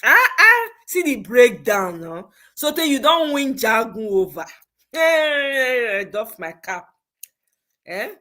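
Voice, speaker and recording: A woman's voice: on the high side, big pitch swings, slow, bright, forceful tone. Nigerian woman hosting a casual livestream. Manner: mixes Pidgin, laughs often, reads comments aloud. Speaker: livestream host.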